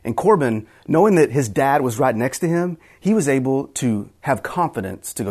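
A man's voice: medium pitch, expressive, normal speed, a little mellow, slightly rough. A middle-aged man preaching a sermon in an earnest way, often repeating words as he restarts his phrases. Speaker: pastor.

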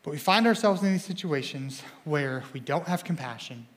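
A young man preaching a sermon as a student pastor in a church, energetic and excitable, often stumbling and repeating words as he speaks. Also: fairly high pitch, moderate pace.

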